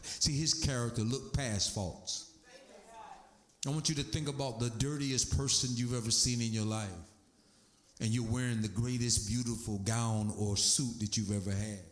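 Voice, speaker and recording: A man's voice: medium pitch, a little slow. A man preaching a sermon as pastor, emphatic, with sweeping swings in his delivery. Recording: echoey room.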